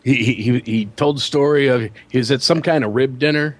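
A man's voice: brisk, dry recording. A man co-hosting a podcast, telling a long anecdote in casual chat and acting out the people in it. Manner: animated storyteller who slips into high-pitched quoted voices. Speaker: podcast co-host.

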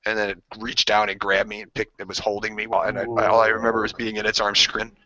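A man on a podcast telling stories casually, animated and swearing freely, acting out screams and voices as he goes. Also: fairly low pitch, fast. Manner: swears freely, restarts sentences. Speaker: podcast co-host. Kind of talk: casual storytelling among friends. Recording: dry, dull lo-fi podcast audio.

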